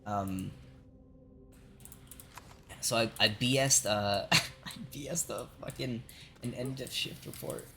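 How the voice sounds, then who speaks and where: Young streamer rambling bout work, swears a lot, laughs, says like constantly, middle pitch. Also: takes it slowly, gravelly, pauses often, fairly bright tone, soft background music. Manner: profane, laughs often, lots of "like" and "right?". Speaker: game streamer. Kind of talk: casual rambling storytelling while gaming.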